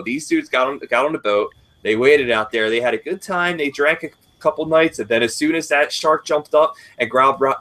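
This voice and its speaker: A man in his thirties, co-hosting a casual chat, telling a long profane story in a rambling, animated way. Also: mid-range voice. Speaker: podcast co-host.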